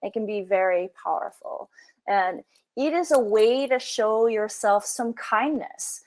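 A woman's voice: medium pitch, a little slow, a little mellow. Chatty woman leading a workshop. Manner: casual, with many fillers like "you know" and "like". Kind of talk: conversational workshop talk.

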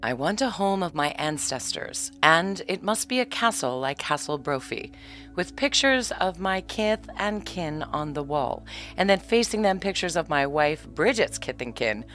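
A woman's voice: lowish voice, very animated, unhurried, a bit bright, faint music behind, voice pushed up. A woman reading a storybook aloud and voicing a bold, scornful countryman who is making wishes. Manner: confident and scornful.

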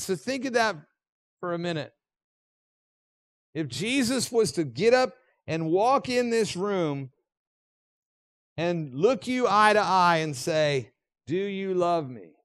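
A middle-aged man preaching a sermon in a church, animated and joking with the congregation. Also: sits high, takes it slowly, pauses often, no echo, clean studio sound. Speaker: pastor. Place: church sanctuary.

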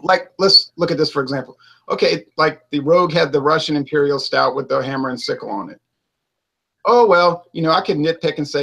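A beer reviewer hosting a show chats casually in a debate style, rambling through hypotheticals and constantly restarting and interrupting himself. His voice is on the high side, a bit bright, fast, and has vocal fry, on a rough recording.

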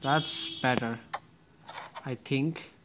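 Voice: mid-range voice, very slow, background noise. A gamer giving casual gameplay commentary, muttering to themselves and swearing at the game.

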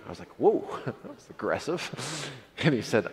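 Male preacher, lively storyteller, mid pitch, long church reverb. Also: brisk. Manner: animated storytelling, laughs often. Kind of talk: sermon. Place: church sanctuary.

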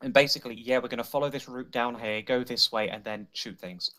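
A man's voice: mid-range voice, fairly even intonation, brisk, sharp tone. A man in casual chat with his gaming group, blunt and teasing and happy to swear. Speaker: game player.

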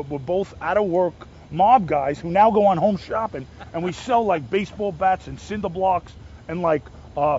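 A brash, joking man with a New Jersey accent, talking about his career in a casual TV interview. His voice sits high for a man and often trips over restarts. The sound is a little dull, with faint city noise behind him outdoors. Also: a little mellow. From New Jersey, USA. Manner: brash, jokey, stumbling restarts. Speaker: guest actor.

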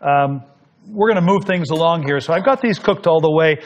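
A man's voice: on the high side, a little fast. Man explaining as he cooks. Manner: explanatory, talks while working. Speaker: cooking show host. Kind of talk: cooking demonstration.

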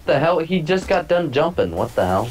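A man's voice: fairly high pitch, big pitch swings, moderate pace. A man in a casual team voice chat, making laid-back, dry remarks. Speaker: player.

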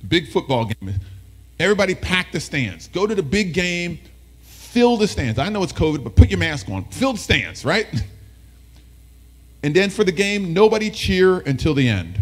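A man giving a motivational presentation to educators as a keynote speaker, lively and talking with the audience, often acting out voices. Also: a little high. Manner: animated, talks with the audience, acts out voices.

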